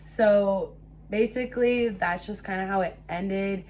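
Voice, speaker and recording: A young woman telling a casual storytime to her viewers, animated and swearing freely. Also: medium pitch, a little slow, slight background noise. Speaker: storytime vlogger.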